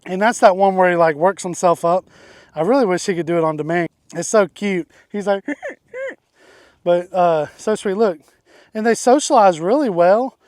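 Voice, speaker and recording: A man's voice: high voice, moderate pace, darkish tone, dry recording, studio quality. A man hosting a casual farm vlog outdoors, talking in an easygoing, rambling way and chuckling often. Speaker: farm channel host. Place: outdoors on a farm beside a donkey.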